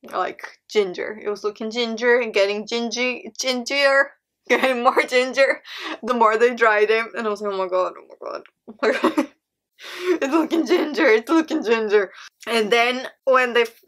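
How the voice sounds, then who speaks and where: Young woman, portuguese is her first language, laughing and dramatic storytime, kinda high voice. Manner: animated, laughs often, dramatic exclamations. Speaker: vlogger. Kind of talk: storytime vlog.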